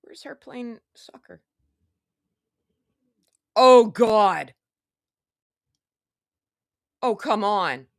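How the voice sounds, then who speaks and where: A woman's voice: a little high, animated, very slow, pauses often, no echo, clean studio sound. A woman hosting a casual live stream, talking in a sarcastic, rambling, chatty way. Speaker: online show host.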